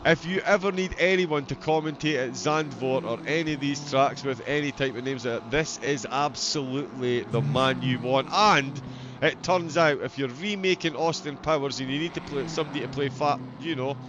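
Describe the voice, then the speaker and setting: A man commentating a sim race, brisk and chatty, often laughing with a guest. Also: medium pitch, lo-fi sound. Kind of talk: sim racing commentary and banter. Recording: noisy stream audio.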